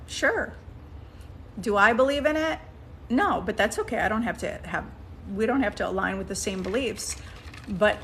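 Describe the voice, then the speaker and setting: A woman's voice: a little high, a bit bright, a little hiss or hum. A woman giving a casual coaching talk as a manifestation coach, coaxing her listeners and checking in with frequent "okay?" and "right?". She often restarts sentences while thinking aloud.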